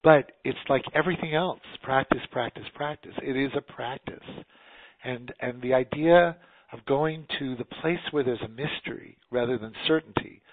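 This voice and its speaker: A man's voice: mid-range voice, moderate pace, no room sound. A man from New York talking earnestly in a casual conversation, rambling with many restarts. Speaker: guest. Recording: tinny phone-like line.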